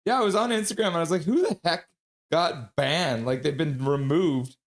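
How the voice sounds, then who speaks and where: A man's voice: a little high, normal speed. A man hosting a live hockey stream, chatty and laughing often as he reads out viewers' messages. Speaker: hockey stream host reading chat. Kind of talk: casual live-stream chat.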